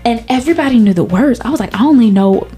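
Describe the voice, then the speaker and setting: A woman co-hosting a podcast, telling stories in a lively, profane, chatty way. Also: a little high, quick pace, music in the background. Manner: animated, profane storytelling. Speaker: podcast co-host. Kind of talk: casual chat.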